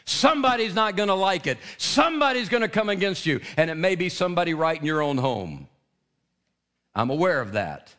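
A male preacher giving an impassioned sermon to men, swinging from soft asides to loud, rising declarations. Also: high voice, sing-song, fairly quick, few pauses.

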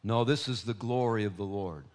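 A man's voice: fairly low pitch, moderate pace. Dramatic preaching man. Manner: dramatic, swings from hushed to loud; emphatic, repetitive preaching. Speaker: pastor. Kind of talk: sermon.

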